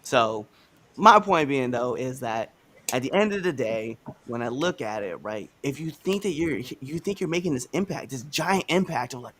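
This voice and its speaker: A man co-hosting a casual wrestling podcast livestream from home over a video call, ranting in an animated way and swearing freely. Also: a little high, fairly quick. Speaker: podcast co-host.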